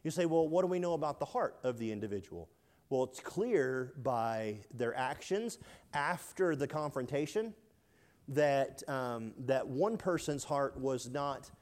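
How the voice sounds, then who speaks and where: A man's voice: medium pitch, a little mellow. A man preaching a sermon, reading old scripture and explaining it in an earnest, questioning way, often repeating himself as he thinks aloud. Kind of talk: expository sermon.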